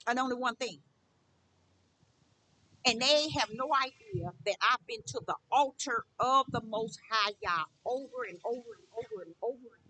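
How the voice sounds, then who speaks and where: A woman's voice: fairly high pitch, sharp tone, slight background noise. A middle-aged woman preaching a spiritual monologue, emphatic and repetitive, testifying at length. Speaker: spiritual teacher.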